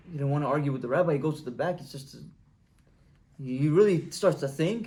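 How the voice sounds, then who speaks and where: A man's voice: on the high side, a little fast, darkish tone. A man giving a Torah talk as a rabbi, telling a story and acting out its dialogue, often restarting words.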